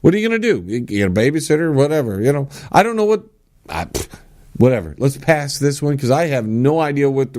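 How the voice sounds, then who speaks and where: A man hosting his own talk podcast, giving blunt, sarcastic opinions and mock-shouting the lines he quotes. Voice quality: animated with big pitch swings. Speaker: podcast host. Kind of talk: solo opinion talk show.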